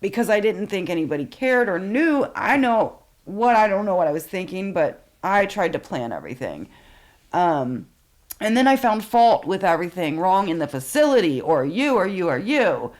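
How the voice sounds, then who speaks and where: A woman's voice: medium pitch, sing-song, moderate pace. A woman in her forties, a podcast guest, frankly telling her own story with plenty of swearing and fillers. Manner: frank and profane, with many fillers. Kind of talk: candid personal storytelling.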